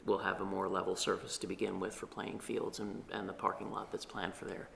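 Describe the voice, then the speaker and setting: A man on town staff giving a measured, hesitant meeting report in a meeting room, with many pauses. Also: deep voice, flat delivery, creaky, fairly bright tone, slight background noise.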